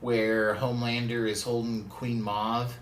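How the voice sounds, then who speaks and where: A man co-hosting a podcast, chatting casually and agreeably with some halting restarts. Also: medium pitch, little pitch movement. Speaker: podcast co-host. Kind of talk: casual review chat. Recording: echoey room with faint hiss.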